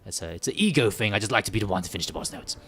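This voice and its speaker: A man's voice: on the low side, animated, very fast, a bit bright, faint music behind. A man from the UK hosting a live game stream, rambling and joking with many restarts and fillers. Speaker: gaming livestream host. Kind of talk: casual live stream chat.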